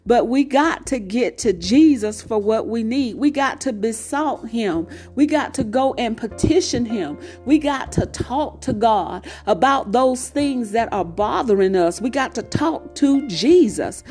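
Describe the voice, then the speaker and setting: A woman's voice: on the high side, a little mellow. A woman preacher delivering a sermon with a repetitive, emphatic cadence.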